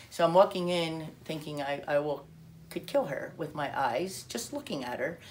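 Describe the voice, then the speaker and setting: A woman telling her personal testimony in an animated way, acting out quotes and restarting her sentences often. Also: low voice, normal speed, a little hiss or hum. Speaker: speaker sharing a personal testimony.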